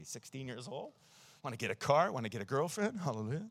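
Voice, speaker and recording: A man's voice: mid-range voice, big pitch swings, fast talker, no echo. A man around sixty, preaching a sermon in church and telling stories with emphasis, often chuckling at his own jokes. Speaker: pastor.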